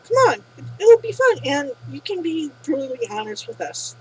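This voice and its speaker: A woman's voice: high-pitched, big pitch swings, fairly quick, low-quality recording. A woman reading a playful young idol guy. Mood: coaxing.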